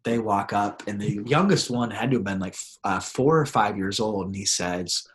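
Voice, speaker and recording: A man, a pastor, telling personal stories in a relaxed conversational way and acting out the people in them. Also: lowish voice, normal speed, slight background noise. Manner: animated storyteller, acts out voices in his anecdotes. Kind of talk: conversational storytelling.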